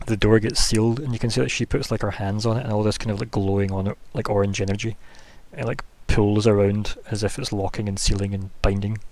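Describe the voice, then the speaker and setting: A man narrates a tabletop game as game master. His voice sits on the low side, and he rambles casually, full of fillers and restarts. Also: steady tone, fast talker, hardly any pauses, a little mellow, dry recording.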